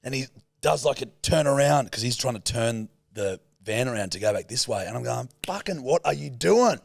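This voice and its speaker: A man's voice: mid-range voice, fairly quick, gravelly, dry recording. A man co-hosting a podcast, telling a road rage story in casual chat and swearing a lot. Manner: swears a lot, animated retelling. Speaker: podcast co-host.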